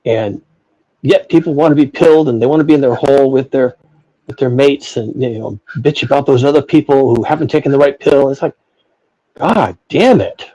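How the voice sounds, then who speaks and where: A man talks through a philosophical discussion with blunt, profane emphasis. His voice is mellow and dark, with a husky, slightly rough texture. He circles back and repeats phrases as he drives each point. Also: medium pitch, a little fast, poor audio. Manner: emphatic, profane ranting with repetitions. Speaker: podcast host.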